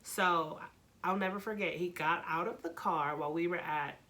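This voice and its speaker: A young woman vlogger telling a dramatic personal story, animated and full of profanity. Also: on the low side, normal speed. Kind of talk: storytime vlog.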